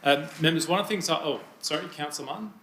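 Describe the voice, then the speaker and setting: A man chairing a council committee meeting, brisk, procedural and polite. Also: fairly high pitch, fairly bright tone, a little hiss or hum. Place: council chamber. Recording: roomy chamber sound.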